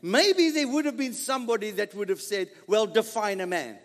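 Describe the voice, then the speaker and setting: A man's voice: high-pitched, animated, moderate pace, fairly bright tone, big-room sound. A man preaching a sermon, dramatic, full of rhetorical questions and acted-out dialogue. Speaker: pastor.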